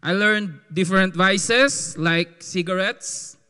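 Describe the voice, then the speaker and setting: A man with a Filipino accent gives an earnest testimony in church, stopping now and then to restart a phrase. His voice is fairly high and smooth. It rings with the long reverb of a church hall. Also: slow pace, sharp tone. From Philippines. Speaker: church member giving testimony.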